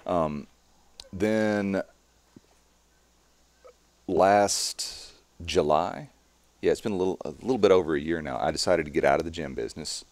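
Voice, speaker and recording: A man in his late forties, a strongman performer, explaining calmly and at length in a podcast interview. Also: low voice, dry recording. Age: 40s. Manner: calm, measured, explanatory.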